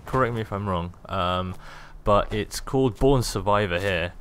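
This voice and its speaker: A young man gives loose, self-amused commentary as he plays through a fantasy game, hopping between jokes and asides. His voice sits on the low side, with a faint hiss in the recording. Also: moderate pace, fairly bright tone. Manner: jokey, rambling, self-amused. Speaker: gaming video host. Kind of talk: casual gameplay commentary.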